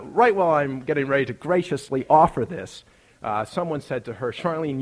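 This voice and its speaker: Guy preaching, chatty story sermon, gets emphatic and climbs up in pitch. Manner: conversational, builds to emphatic rises.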